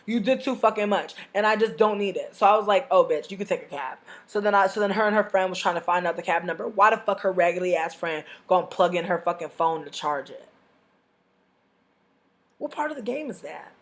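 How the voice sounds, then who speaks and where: A young adult woman telling a profane storytime rant as a vlogger, venting loudly and acting out both sides of an argument. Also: mid-range voice, brisk. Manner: loud, profane, animated venting with acted-out dialogue.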